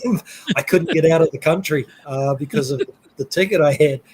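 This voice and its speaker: A man's voice: on the high side, fairly quick, a little mellow, low-quality recording. A man from New Zealand, a guest telling rambling travel stories in a casual interview, laughing now and then.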